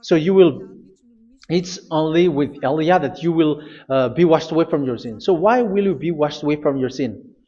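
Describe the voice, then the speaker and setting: Male preacher, high-ish voice, forceful repeated commands, dull lo-fi audio. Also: normal speed. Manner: emphatic, repetitive commands with hesitations. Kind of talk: sermon.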